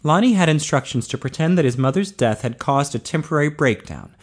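A man reading an audiobook as narrator, in a steady, measured voice. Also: on the high side, breathy edge.

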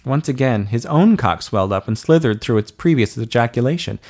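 Male audiobook narrator; steady, even, middle-pitched delivery. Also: a little fast. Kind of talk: scripted narration.

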